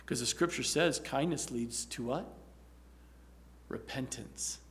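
A man's voice: mid-range voice, normal speed, a bit bright, a little hiss or hum. A male pastor preaching an earnest, exhorting sermon about practicing love.

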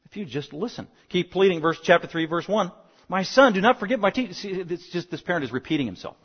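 A pastor preaching a sermon, pleading and swinging between quiet explanation and loud, urgent bursts. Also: male voice, sits high, animated, fast, husky, long reverb tail. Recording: dull lo-fi sound.

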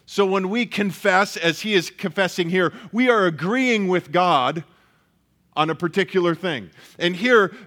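A man's voice: high voice, measured pace, fairly bright tone. A man preaching a sermon, earnest and emphatic, often repeating phrases for weight. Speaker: pastor.

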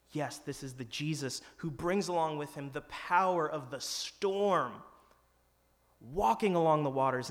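A man delivering a sermon at a middle pitch, earnest and conversational, rising into dramatic quoted lines. His voice rings out with a long reverb, as in a large hall. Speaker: pastor.

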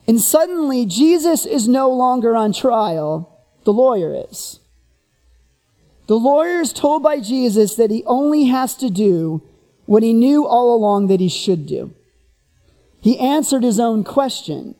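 A preacher giving a sermon, who retells the story in an animated way and keeps asking the listeners rhetorical questions. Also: high voice, moderate pace, in a large hall.

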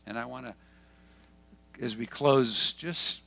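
Speaking slowly with a fairly bright tone, a pastor delivers a sermon. He drives points home through repetition and sudden rises and falls in pitch.

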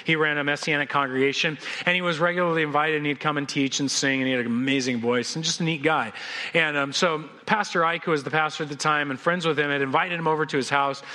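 High, bright-voiced pastor, animated sermon storyteller, trips over and restarts words. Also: male voice, fast.

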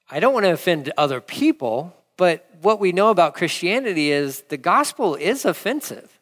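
A male pastor preaching a conversational, animated sermon with casual asides. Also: high-pitched, normal speed. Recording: long hall reverb.

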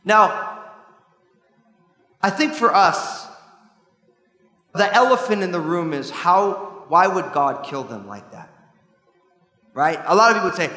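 Animated high-voiced preacher in an echoey hall. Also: male voice, a little slow, pauses often. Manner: animated, conversational preaching with asides. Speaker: pastor. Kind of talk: sermon.

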